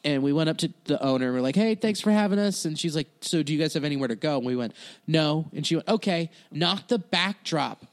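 A man's voice: on the high side, fast talker. A man telling a tour story in casual podcast chat, laid-back and swearing freely, acting out the people he quotes. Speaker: podcast host.

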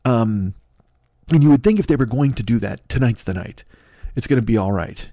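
A man's voice: mid-range voice, lively intonation, moderate pace, warm tone, no echo, studio quality. A man hosting a podcast, rambling through a profane late-night comedy rant and laughing at his own jokes. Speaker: podcast host.

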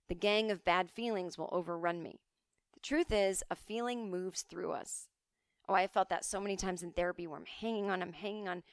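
A woman hosting a podcast from home, talking casually and telling stories in an animated way, often jumping into quoted voices. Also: mid-range voice, smooth, dry recording. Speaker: podcast host. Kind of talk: casual monologue.

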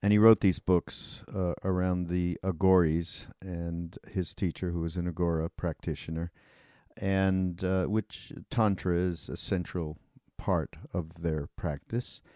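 An older man hosting a podcast, talking hesitantly with many filler pauses. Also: deep voice, steady tone, warm tone, dry recording, studio quality. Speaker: podcast host. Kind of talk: conversational interview.

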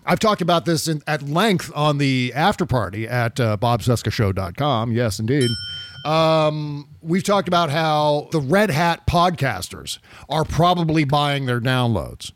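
Chatty, profane podcast co-host, dry close sound. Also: male voice, on the high side, expressive, no echo. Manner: chatty, profane, quick laughs. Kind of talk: casual political chat.

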